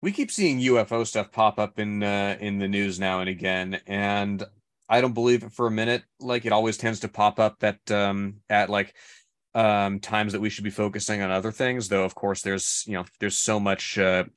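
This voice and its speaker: A man co-hosting a podcast, chatting casually about a book, halting and wry, with many fillers. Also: lowish voice, steady tone, clear, resonant tone, no room sound, studio quality. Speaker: podcast co-host.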